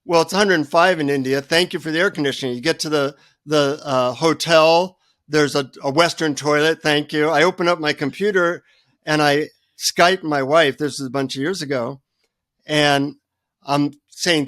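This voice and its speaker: A man who is a guest author, telling humorous, animated stories in a remote interview. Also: fairly high pitch, normal speed, no room sound, clean studio sound. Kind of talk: storytelling in an interview.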